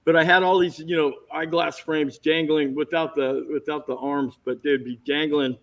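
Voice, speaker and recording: A man telling lively stories as a guest on a casual video-call chat, jumping into quick impressions. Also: fairly high pitch, low-quality recording. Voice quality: bald. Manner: animated anecdotes with impressions.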